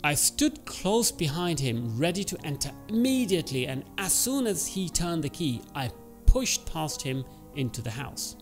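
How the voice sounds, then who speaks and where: Male teacher narrating a ghost story for learners, lively rising and falling voice, somewhat higher pitch. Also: soft background music. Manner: expressive reading that pauses to explain words. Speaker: English teacher reading a story. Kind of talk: storytelling with vocabulary explanations.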